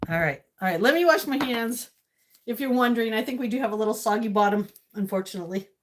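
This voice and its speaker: Talking fast in a fairly high voice, a woman vlogs casually to her viewers from her home kitchen and yard. She's chatty, talking to herself as she cooks, with slight background noise.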